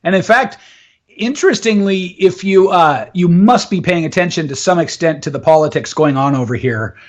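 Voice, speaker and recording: A man's voice: on the high side, moderate pace. A man speaking as a public speaking coach in a casual live interview, emphatic and instructive. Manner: emphatic, explains with instructive asides.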